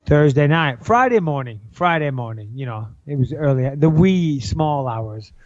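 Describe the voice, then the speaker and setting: Man, podcast co-host, blunt, casual swearing, higher voice, dry muffled audio. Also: lively intonation, normal speed, no echo.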